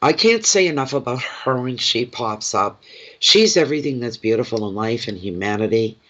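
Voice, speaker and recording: A man giving a tarot card reading to his viewers, speaking in a gentle, reassuring and heartfelt way. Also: medium pitch, animated, normal speed, lo-fi sound. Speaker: tarot reader.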